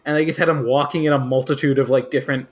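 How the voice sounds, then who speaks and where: A man's voice: medium pitch, steady tone, very fast, husky. A young man co-hosting a podcast, chatting casually with a joking, slangy manner. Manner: joking, slangy, mocking impressions. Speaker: podcast co-host. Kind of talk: casual chat.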